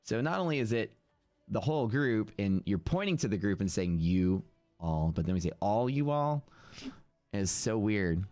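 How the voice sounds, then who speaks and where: A man's voice: fairly low pitch, lively intonation, brisk, a little mellow, dry recording. A man with a Texas accent chatting casually on a live trading stream, rambling and reading viewer comments aloud. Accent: Texan.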